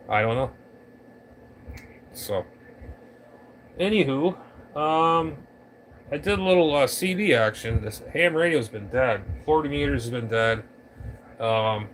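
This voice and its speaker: A man's voice: fairly high pitch, a bit bright, a little hiss or hum. Rambling man ranting to his camera. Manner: rambling, stumbling over words, mocking voices of others. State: allergies acting up. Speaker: ham radio vlogger. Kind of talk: casual rant to camera. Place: at home in front of a camera on a tripod.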